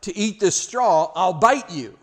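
A man's voice: high-pitched, expressive, a little slow. A man voicing a stubborn dog in a spoken fable, blunt and refusing. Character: stubborn dog guarding straw.

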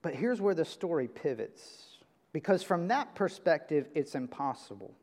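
A man preaching a sermon from a church pulpit, emphatic, jumping from loud high bursts to quiet low lines. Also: big pitch swings, normal speed. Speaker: pastor. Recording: reverberant church hall.

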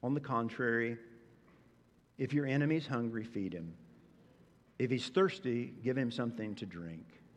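Man, pastor, sermon, animated, unhurried delivery, echoing church hall. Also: medium pitch. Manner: animated, voices mock-incredulous reactions.

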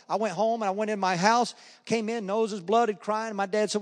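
A man with a slightly high voice tells his faith testimony in a lively storytelling manner, acting out the voices of the people in his stories. His voice rings out with a long hall reverb, as though he is speaking in a large meeting room. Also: normal speed.

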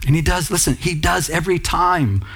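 A man's voice: a little high, normal speed, fairly bright tone, husky. A man preaching a sermon in church, talking conversationally and with emphasis, calling out to the congregation. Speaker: pastor.

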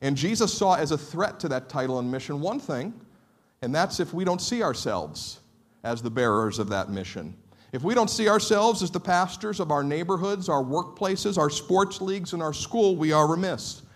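A man's voice: on the high side, animated, normal speed. A male pastor preaching a sermon, telling stories with a humorous, self-deprecating manner. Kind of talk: sermon with storytelling.

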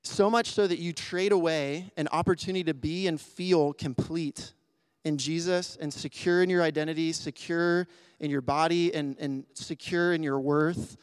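A man with a somewhat high voice delivers a sermon in an earnest, conversational way. He often restarts his sentences and fills with "like," and at times sounds emotional. The recording is close and dry, with no room sound. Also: fairly even intonation, moderate pace, clean tone, no echo. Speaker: pastor.

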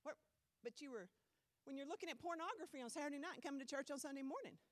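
High-voiced lady preacher, blunt, acts out people's excuses, dry sound. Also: fast, dry recording. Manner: animated, blunt, mimics people mockingly. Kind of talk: sermon.

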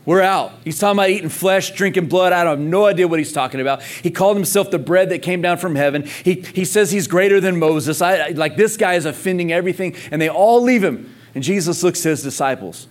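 A man's voice: high voice, fast talker, few pauses. Emphatic preacher man. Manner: emphatic, conversational preaching with rhetorical questions. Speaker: pastor. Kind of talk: sermon. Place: church service in Texas.

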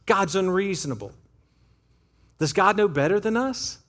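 Pastor, male, lively sermon delivery with a high, swooping voice, talking straight to the congregation. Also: normal speed. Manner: animated, conversational preaching with acted-out quotes. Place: church sanctuary.

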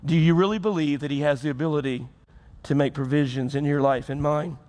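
A pastor delivers a folksy sermon to his congregation, his fairly high voice moving a little quickly with mostly even intonation. He acts out quotes and builds toward rising emphasis. Loud music plays behind him throughout.

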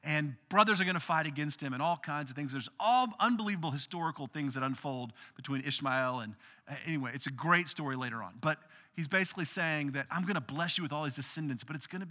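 A man preaching a casual, animated sermon, retelling a Bible story in everyday words. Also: medium pitch, big-room sound. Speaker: pastor.

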